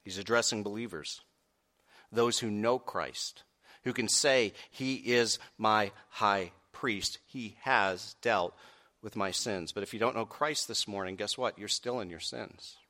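A man preaching a sermon, asking the congregation direct questions and swinging from quiet earnest stretches to loud raised peaks. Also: lowish voice, a little slow. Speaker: pastor.

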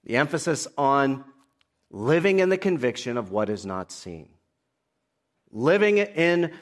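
Man preaching a sermon. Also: mid-range voice. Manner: expository preaching, reading scripture aloud and explaining it. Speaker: pastor.

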